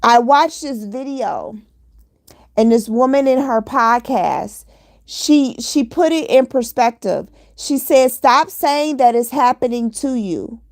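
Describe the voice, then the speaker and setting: A woman's voice: a little high, slow pace, dry recording, clean studio sound. A woman giving an earnest motivational monologue, repeating her key points in a preachy, exhorting way. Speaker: motivational vlogger.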